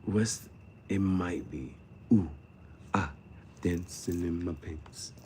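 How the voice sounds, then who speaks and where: A man vlogging in a casual rambling monologue, slangy and swearing, jumping between topics, laughing often, his voice shooting high on sudden outbursts. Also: slow, warm tone, a little hiss or hum.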